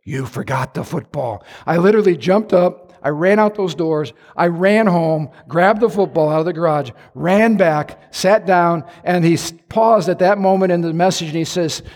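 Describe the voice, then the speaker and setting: A man preaching a sermon in a church, telling a story with lively acted-out quotes. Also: sits high, moderate pace, few pauses, big-room sound. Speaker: pastor. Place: church sanctuary.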